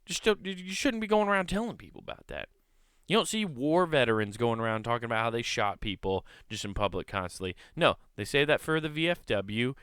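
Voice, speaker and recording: A man's voice: medium pitch, fairly bright tone, clean tone, no echo, studio quality. A man hosting a comedy podcast, telling a rambling, profane, incredulous story in a casual monologue.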